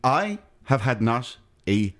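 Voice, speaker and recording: Male podcast co-host, rambling jokey banter, lively up-and-down pitch. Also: takes it slowly. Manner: joking, rambling banter with restarts. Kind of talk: casual chat.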